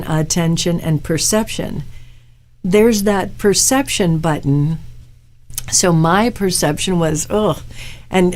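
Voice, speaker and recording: Chatty lower-voiced woman host. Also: darkish tone. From Florida, USA. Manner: chatty, rambling storytelling. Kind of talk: casual live-stream talk. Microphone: webcam live-stream mic.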